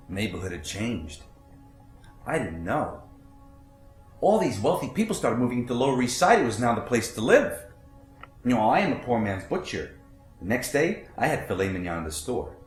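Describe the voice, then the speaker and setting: A man's voice: mid-range voice, big pitch swings, moderate pace, pauses often, echoey room, faint music behind, lightly acted. An actor playing a blunt, profane middle-aged butcher, telling his story in a theatrical monologue. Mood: bitter. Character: brash foul-mouthed middle-aged male butcher. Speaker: actor in a one-man stage monologue. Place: theater stage.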